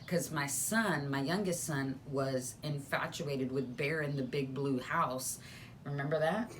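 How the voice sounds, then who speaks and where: A middle-aged woman pastor co-hosting a casual live stream from a home studio, chatty and playful and speaking in a hushed voice. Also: extremely low pitch, measured pace, a little hiss or hum. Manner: chatty and playful, rambling with fillers. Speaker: pastor and co-host. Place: spare room turned home studio.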